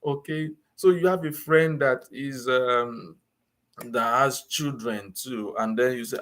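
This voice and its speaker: A man giving casual advice in a relaxed talk, often repeating and rephrasing himself and acting out small everyday exchanges. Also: mid-range voice, slow. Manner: conversational, repeats and rephrases, acts out little dialogues. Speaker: advice vlogger on student visas.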